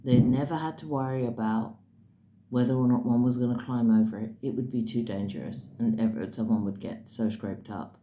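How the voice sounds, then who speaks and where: Her very deep, mellow voice moves a little fast as she describes a dream she takes to be a spiritual message, with sudden bursts of emphasis in a casual telling. Faint background noise and a roomy echo fill the recording.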